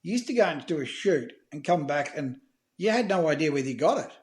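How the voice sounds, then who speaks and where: A middle-aged Australian man telling fishing stories in a casual podcast chat, animated and swearing freely. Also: fairly high pitch, fairly quick. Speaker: guest, fishing filmmaker.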